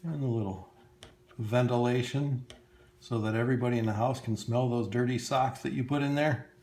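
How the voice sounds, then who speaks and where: A man's voice: medium pitch, fairly even intonation, normal speed, darkish tone. A man teaching children to draw cartoons step by step, playful and talking straight to the kids, with frequent chuckles. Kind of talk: step-by-step drawing lesson for kids.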